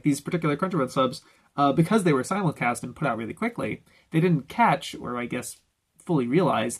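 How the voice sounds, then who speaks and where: Rambling animated young man, slightly high voice. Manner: rambling, animated, swears and laughs often. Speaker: host reviewing anime videos. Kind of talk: casual commentary.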